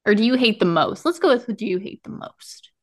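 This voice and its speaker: A woman hosting a podcast interview, talking casually in an expressive, playful way. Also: medium pitch, a little fast. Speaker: podcast host.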